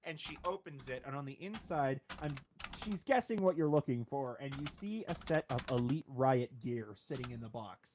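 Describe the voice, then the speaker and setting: A man's voice: medium pitch, animated, moderate pace, noisy background. A man as game master, describing the scene in a tabletop role-playing game. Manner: descriptive, scene-setting narration.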